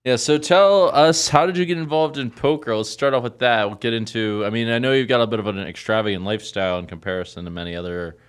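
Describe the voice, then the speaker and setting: A man hosting a podcast, asking loose questions in a relaxed interview with frequent fillers. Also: mid-range voice, fast, few pauses, clear, resonant tone. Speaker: podcast host. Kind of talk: casual interview.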